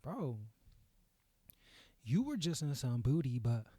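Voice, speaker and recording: A man's voice: mid-range voice, dry recording. Crude slangy man ranting on a podcast. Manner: crude, animated, slangy, laughing at his own jokes. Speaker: podcast host. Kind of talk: casual comedic rant.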